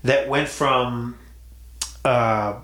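A man hosting a sports betting podcast in a casual, teasing way. He talks at a middle pitch and tends to repeat himself. The room around him is echoey. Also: fairly even intonation, extremely slow, a crowd in the background. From Toronto area, Canada. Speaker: podcast host.

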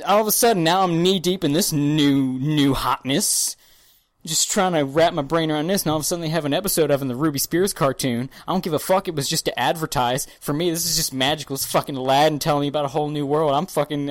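A woman co-hosting a podcast, telling stories with excitable, profane energy and acting out scenes in little voices. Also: low-pitched, no room sound. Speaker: podcast co-host. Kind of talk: casual chat, animated storytelling.

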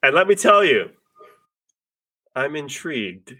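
A man's voice: fairly high pitch, sing-song, takes it slowly, bright, forceful tone, breathy edge, no echo. A man hosting a podcast, chatting casually, rambling and swearing freely with frequent laughs. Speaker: podcast host. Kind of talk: casual chat.

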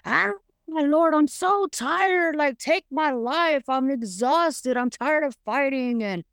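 A woman doing a worn-out prophet, high and slow. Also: lively intonation, fairly bright tone, dry recording, clean studio sound, heavily acted. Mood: weary pleading. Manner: drawn-out, pleading, exhausted. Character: weary, despairing prophet, adult man.

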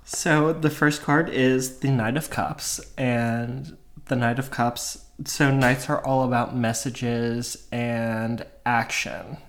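A man co-hosts a relaxed podcast, chatting and joking along. His talk is loose and full of um fillers, in an everyday mid-range voice. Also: mid-range voice, takes it slowly, few pauses. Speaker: podcast co-host. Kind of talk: casual podcast chat.

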